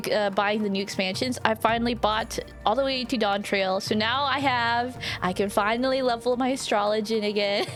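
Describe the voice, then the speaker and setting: A woman's voice: a little high, a bit bright. A woman streamer chatting casually with her viewers while playing a game, giggling often and swearing now and then. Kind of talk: casual livestream chat while gaming.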